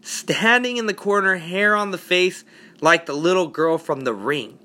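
Bright-voiced man telling stories casually. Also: high voice, a little slow. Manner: profane, laughing, laid-back. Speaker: podcast host. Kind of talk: casual storytelling.

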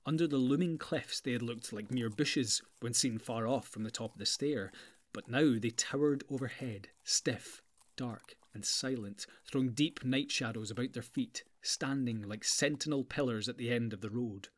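A male narrator reads an audiobook at a measured, deliberate pace. His voice sits in a middle register, and in places he lowers it to a hush. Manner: measured, sometimes dropping to a hush.

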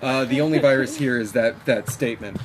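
A man's voice: mid-range voice, brisk, heavy background noise. A young man from Texas telling a long story in casual chat with friends, swearing a lot and sounding exasperated. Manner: profane, exasperated storytelling, laughs often.

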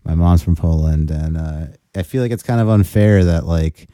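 A man's voice: low-pitched, moderate pace, mellow, no echo, clean studio sound. A man co-hosting a casual podcast, reacting to a clip with crude, sarcastic jokes and a lot of swearing.

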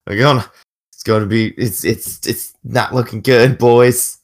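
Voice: medium pitch, fairly even intonation, unhurried, a crowd in the background. A player in a tabletop game, chatting casually and joking.

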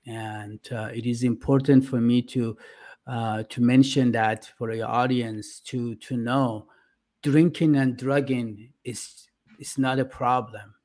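A middle-aged man from Iran, a podcast guest talking earnestly and haltingly, with many "uh" fillers. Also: medium pitch, a little mellow. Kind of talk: casual interview talk.

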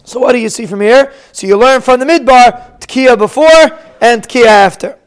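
Man, high clear voice, Ashkenazi Hebrew pronunciation, explanatory Talmud teacher. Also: moderate pace. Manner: explanatory, mixes Hebrew and Aramaic terms with English. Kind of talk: Talmud lesson, translating Aramaic and Hebrew phrases.

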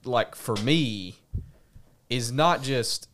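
A man, a pastor guest on a podcast, talking casually in an animated, emphatic way, often laughing and restarting his sentences. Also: medium pitch, very slow, slight background noise.

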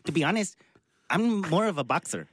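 A man's voice: a little high, very animated, moderate pace, fairly bright tone, husky, dry recording, studio quality, pitched above the performer's own voice, full character voice. A man voicing a boastful male boxer turned promoter who keeps repeating himself. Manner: repetitive, boastful.

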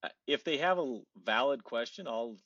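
Halting man on dry, dull audio. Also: mid-range voice, animated, a bit bright, husky, no room sound. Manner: halting, restarts sentences. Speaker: referee, podcast guest. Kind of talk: casual podcast chat.

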